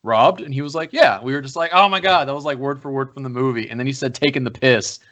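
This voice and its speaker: A man co-hosting a podcast in casual chat, an animated storyteller who acts out quotes and swears. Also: mid-range voice, racing. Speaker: podcast co-host.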